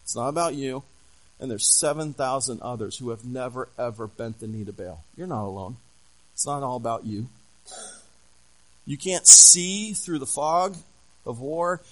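A man's voice: mid-range voice, moderate pace, a bit bright, poor audio. A man pastor preaching a sermon, telling a story with animation and asking the congregation questions.

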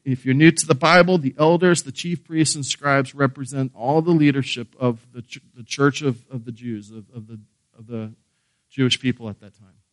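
A man's voice: medium pitch, moderate pace, no room sound. A man preaching a sermon, earnest and emphatic, asking rhetorical questions and repeating key phrases. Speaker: pastor.

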